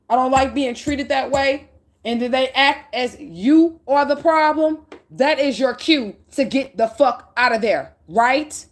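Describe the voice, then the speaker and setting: A woman's voice: sits high, moderate pace. Blunt, preachy woman spiritual reader. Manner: blunt, preachy, profane, emphatic. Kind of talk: livestream spiritual reading.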